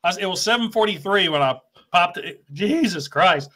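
A man's voice: sits high, expressive, normal speed, pushed and bright. A man on a casual video, groaning, swearing and complaining dramatically through a stuffed-up nose and watering eyes. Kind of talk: casual chat while eating spicy chips on camera.

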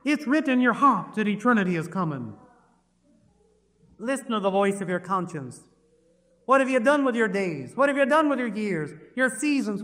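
A man's voice: very high-pitched, sharp tone. A man preaching a sermon, pleading urgently and repeating words for emphasis. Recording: reverberant hall.

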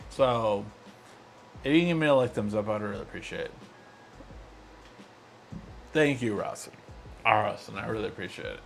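A drunk man with a middle-pitched voice, slurring and hiccuping his way through a live tech show. He chats loosely with his audience, with a faint hum of room noise behind him. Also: creaky. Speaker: host.

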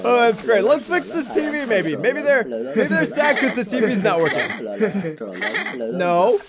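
A man doing excitable, giggly let's-play commentary, talking to his viewers as he plays. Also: very high-pitched, measured pace, over a noisy crowd. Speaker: gaming YouTuber. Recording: game music playing behind.

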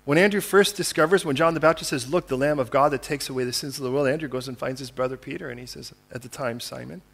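A man, a pastor, preaching a conversational sermon, acting out the words of biblical figures and moving between quiet asides and loud, fervent appeals. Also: medium pitch, fast talker, gravelly, breathy edge.

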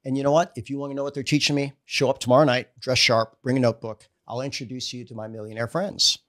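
A middle-aged man, a chiropractor, telling stories in a casual interview and acting out the dialogue with sudden jumps in his voice. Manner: animated storyteller acting out dialogue with quick pitch jumps. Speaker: guest, chiropractor and network marketer.

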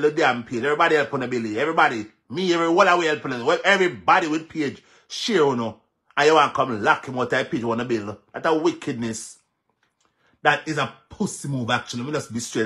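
On a vlog, a man with a Jamaican accent gets heated, repeating lines for emphasis and weaving patois into his English. The social media commentator's voice sits on the high side, a bit bright, and his pace is a little fast.

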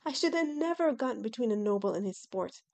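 Jittery young male farmer, fretful and talkative, a touch raised in pitch; woman reader voicing. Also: expressive, fairly quick, gravelly, a little mellow. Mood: panicked. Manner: anxious, rambling, fretful.

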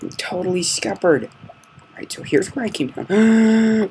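A man giving casual commentary on his own gameplay, muttering curses under his breath and breaking into loud outbursts. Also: on the high side, lively intonation, moderate pace, slightly rough, rough recording. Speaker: gamer narrating his gameplay. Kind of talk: casual Let's Play commentary.

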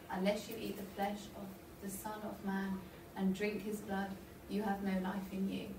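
A woman's voice: mid-range voice, noisy background. A woman from the audience reading scripture aloud carefully. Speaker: reader in the audience. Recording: echoey church from far off.

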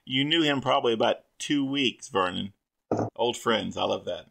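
A man's voice: medium pitch, moderate pace, vocal fry, fairly bright tone, rough recording. A man acting as game master, guiding an online tabletop game in a dry, wry way.

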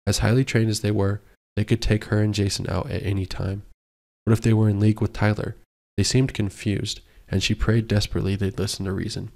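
A man narrating a romance audiobook in a measured storytelling manner. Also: on the low side, flat delivery, creaky, darkish tone. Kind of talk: scripted narration.

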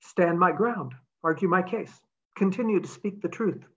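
A woman reading aloud, voicing a stubborn man who speaks calmly and firmly. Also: fairly low pitch, normal speed, highs cut off, lightly acted. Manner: calm, stubborn. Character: stubborn man, steady soldier.

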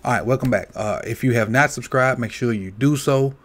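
A man hosting a casual sports countdown video, talking loosely with many fillers and restarts. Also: medium pitch. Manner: relaxed, halting, many "uh" and "um" fillers. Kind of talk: casual sports commentary vlog.

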